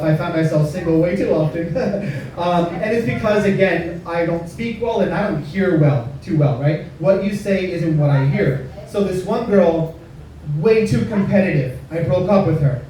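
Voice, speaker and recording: A man's voice: sits high, normal speed, dark tone. A man performing a stand-up comedy set, self-deprecating and chatty, with frequent asides to the crowd. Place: comedy club stage. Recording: echoey club room, mic at a distance.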